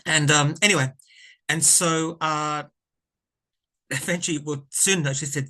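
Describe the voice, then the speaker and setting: A man's voice: on the high side, steady tone, normal speed, pushed and bright. A man, a tarot vlogger telling a personal story to camera in a rambling, earnest way, often correcting himself and getting emotional.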